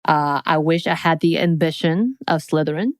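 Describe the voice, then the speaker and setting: A playful woman co-host reads out quiz questions in an easy, joking chat. Her voice sits on the low side and the sound is dry and close, with no room behind it. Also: normal speed, darkish tone, no room sound. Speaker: podcast co-host. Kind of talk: casual chat.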